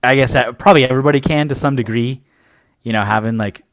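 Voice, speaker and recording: A male host asks follow-up questions in a relaxed, sympathetic way. His voice sits at a middle pitch. The recording is dry and close. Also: fast, dry recording. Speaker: podcast host. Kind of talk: interview.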